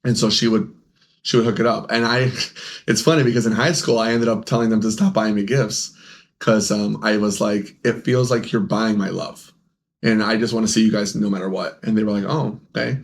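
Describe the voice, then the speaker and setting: A man's voice: lowish voice, steady tone, a little fast, vocal fry. A young man, a podcast co-host who owns a game store, telling rambling stories in casual chat, laughing often and acting out the people he quotes.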